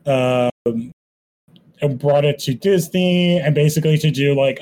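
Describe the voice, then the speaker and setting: A man's voice: a little high, unhurried, darkish tone, low-quality recording. A man co-hosting a casual movie-watching podcast, talking in a rambling way with many fillers. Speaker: podcast co-host.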